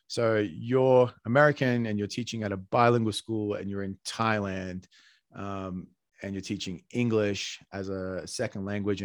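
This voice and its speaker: A man's voice: on the low side, no room sound. Australian man hosting a podcast, dry sound. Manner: chatty, with fillers and restarts. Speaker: podcast host. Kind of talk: casual podcast interview. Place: Colombia.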